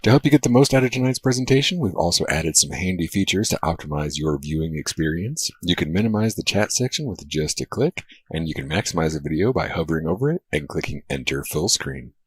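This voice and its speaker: A man with a very low, slightly husky voice reads a scripted webinar introduction. His delivery is calm and smooth, like a steady announcer. The sound is dry and close. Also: quick pace, hardly any pauses, no echo.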